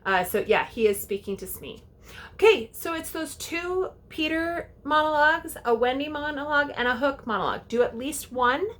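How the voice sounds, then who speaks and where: A woman with a slightly high voice explains audition steps as a youth theater director. She talks in a casual, chatty way and often stops to check in with a quick "okay?". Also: expressive, fairly bright tone. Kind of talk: casual instructional talk to parents and kids.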